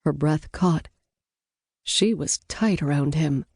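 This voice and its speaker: A woman reading an audiobook in a measured, even storytelling manner, close to the mic. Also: sits low, breathy edge, no echo. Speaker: audiobook narrator. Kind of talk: scripted audiobook narration.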